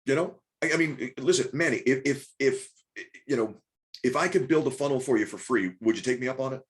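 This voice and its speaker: A man leads a group coaching call in a mid-pitched voice. He talks fast, restarts his sentences and keeps pressing the group with rhetorical questions. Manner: rapid, repetitive restarts, coaxing and rhetorical questions. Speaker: business coach.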